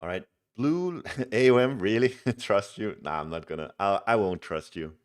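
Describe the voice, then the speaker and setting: Young male streamer, deep voice, chatty and easygoing while playing. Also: animated, normal speed, smooth. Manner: chatty, reads chat aloud, laughs easily. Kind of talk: casual live game commentary.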